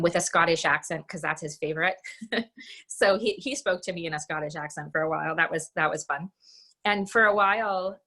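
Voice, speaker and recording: A middle-aged woman giving a candid personal talk from her home over a video call, halting and restarting often. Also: on the low side, fairly bright tone. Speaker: guest speaker.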